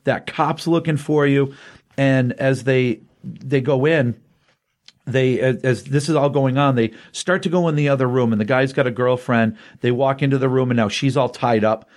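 A man's voice: medium pitch, steady tone, moderate pace. A man co-hosting a casual comic book chat, retelling a story in rambling, restarting sentences. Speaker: comic book podcast co-host.

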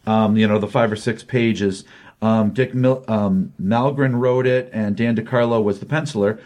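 A man's voice: on the low side, fairly even intonation, normal speed, darkish tone. A man giving a casual, rambling recap of a comic book issue, full of ums and you-knows.

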